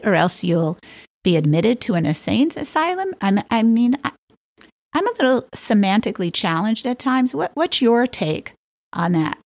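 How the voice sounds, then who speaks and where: A woman's voice: medium pitch, dry recording. A woman hosting a solo podcast, reading down a list and dropping wry, playful asides with the odd chuckle. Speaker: podcast host.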